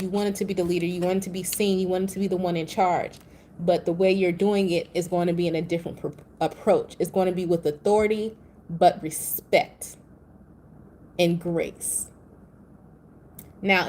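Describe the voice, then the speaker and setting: A woman's voice: lowish voice, dark tone. Blunt, profane woman reading tarot cards. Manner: blunt, profane, chatty and playful. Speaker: tarot reader. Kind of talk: casual tarot reading with tangents. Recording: faint background noise.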